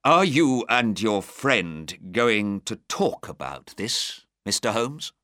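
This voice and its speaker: A man's voice: on the low side, very animated, slow, no echo, studio quality, exaggerated voice. A man voicing a tired, older nobleman who is proud but shaken, speaking in a weary, strained way. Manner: weary, strained, sometimes sharp.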